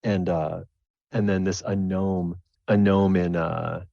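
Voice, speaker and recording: A man's voice: deep voice, fairly even intonation, slow, vocal fry, mellow, no room sound, dull audio. A man narrating as game master of a tabletop game, rambling and repeating words as he goes.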